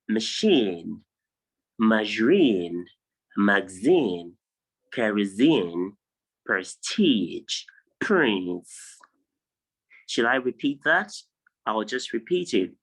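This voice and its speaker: A man's voice: lowish voice, expressive, slow pace, a bit bright, low-quality recording. A man from Nigeria teaching vowel sounds in an online lesson over a video call, drilling word lists aloud one word at a time. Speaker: English tutor.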